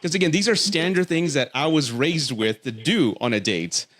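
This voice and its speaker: A man's voice: expressive, normal speed, a bit bright. A man hosting a casual chat about dating, who asks the questions and tells stories, acting out other people's lines in a raised voice. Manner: storytelling, acts out quotes in a higher voice. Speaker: podcast host.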